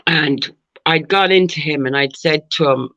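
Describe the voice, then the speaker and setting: A woman from Mayo with an Irish accent, telling her story as a podcast guest, animated and swearing freely. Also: low-pitched, normal speed. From Ireland. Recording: dull lo-fi sound.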